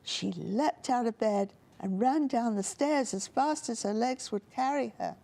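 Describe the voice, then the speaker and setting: A woman reading a children's story aloud in a gentle, expressive storytelling manner. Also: a little high, measured pace, vocal fry.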